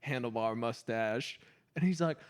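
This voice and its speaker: A man hosting a comedy podcast, pitching sketch ideas in casual chat and laughing often. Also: moderate pace, clean tone. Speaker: podcast host.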